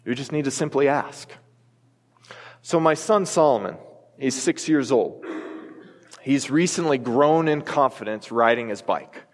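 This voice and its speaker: A man's voice: mid-range voice, expressive, a little slow, long pauses. A man in his thirties preaching a sermon as a pastor, earnest and emphatic, telling a family story to make his point. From United States. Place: church sanctuary. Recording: long reverb of a church hall.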